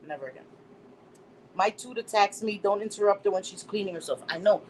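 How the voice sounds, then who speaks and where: A middle-aged woman hosting a casual live stream, reading chat comments aloud and telling stories in an animated way, laughing often. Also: medium pitch, brisk, a little hiss or hum, low-quality recording. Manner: animated storytelling, laughs often, acts out quotes.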